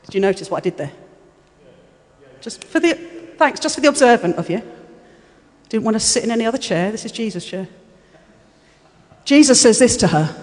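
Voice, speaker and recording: Animated woman preaching in a hall. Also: a little high, brisk, long pauses. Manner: animated storytelling, repeats words, laughs often. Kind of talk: sermon. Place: church hall. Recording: echoey church hall.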